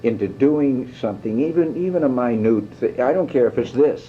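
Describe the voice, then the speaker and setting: An older man, a guest actor, telling lively stories in an interview, swearing freely and mimicking others. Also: mid-range voice, brisk. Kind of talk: anecdotal interview. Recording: dull lo-fi tape with faint hiss.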